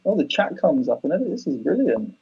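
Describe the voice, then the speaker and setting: A man's voice: fairly high pitch, sing-song, fast talker, vocal fry, mellow. A man in his twenties from London with a London accent, a guest chatting casually on a live-stream podcast, laid-back and full of "like". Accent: London English. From London, England. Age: 20s. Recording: dull, lo-fi live-stream audio.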